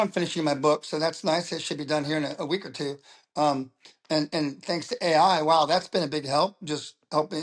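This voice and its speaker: Middle-aged male coach as interview guest; a touch high-pitched, lively, tripping over his words. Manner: animated storytelling with frequent stammered restarts. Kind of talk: casual interview talk.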